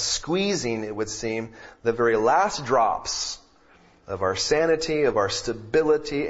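Slow-spoken male pastor preaching. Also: medium pitch, highs cut off. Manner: reads scripture, prays, then preaches with jokes. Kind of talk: sermon. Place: church sanctuary with congregation.

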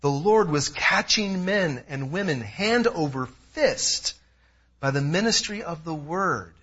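Male pastor, thirties, high and husky, energetic sermon delivery. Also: slow. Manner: animated, emphatic preaching with personal asides. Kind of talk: expository sermon. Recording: dull lo-fi sound.

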